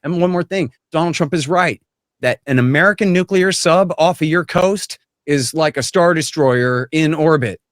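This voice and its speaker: A man's voice: on the high side, moderate pace, dry recording. Blunt, emphatic man with a dry, close sound. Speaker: guest commentator. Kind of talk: political commentary.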